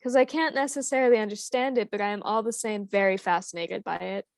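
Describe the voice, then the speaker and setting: A woman's voice: mid-range voice, steady tone, fast, creaky, no room sound, studio quality. A woman co-hosting a livestream, chatting playfully and laughing easily. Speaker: livestream co-host. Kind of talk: casual livestream chat.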